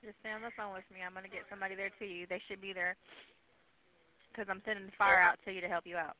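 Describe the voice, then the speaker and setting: A woman working as a 911 dispatcher, curt and scolding as she tells a caller to calm down. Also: medium pitch, fast talker. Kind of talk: emergency call dispatching. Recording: tinny phone line.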